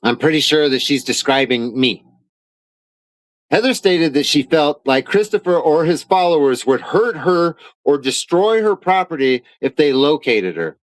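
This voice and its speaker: This man's voice sits on the high side, animated but unhurried, captured with no echo and poor audio. Broadcasting live from his home studio, he furiously rejects accusations, cursing frequently as he reads his arrest documents out loud in an angry rant.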